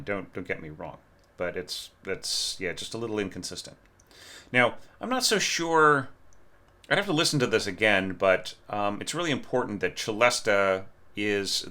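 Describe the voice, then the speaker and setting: Male teacher, low voice, crisp bright tone, conversational score review with frequent tag questions. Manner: frequent "right?" tag questions, hesitant restarts, sings phrases. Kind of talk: casual spoken score critique.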